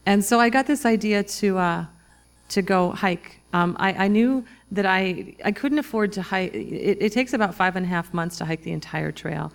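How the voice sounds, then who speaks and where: A woman in her forties, an author telling a personal story to a live audience in a reflective, halting way, with many restarts and fillers. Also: mid-range voice, vocal fry. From Minnesota, US. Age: 40s. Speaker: author giving a talk.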